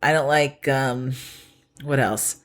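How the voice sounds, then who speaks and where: A young adult woman co-hosting a podcast in casual chat, animated, laughing often and repeating herself. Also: extremely low pitch, takes it slowly. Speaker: podcast co-host.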